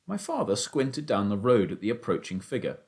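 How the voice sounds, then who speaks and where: Male audiobook narrator for a children's novel. Low-pitched, with lively, expressive storytelling. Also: normal speed.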